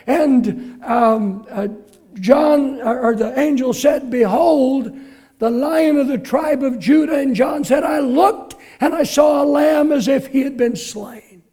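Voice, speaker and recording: A man preaching a sermon, reading scripture with emphasis, shouting some quotes and dropping to quiet asides for the congregation. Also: very high voice, slow.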